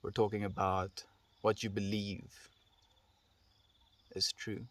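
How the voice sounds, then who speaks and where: A South African man chatting casually on a live stream, gently thanking viewers and answering their messages. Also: lowish voice, level tone, slow pace. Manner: gentle, affectionate, reads out and answers chat messages. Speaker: livestreamer.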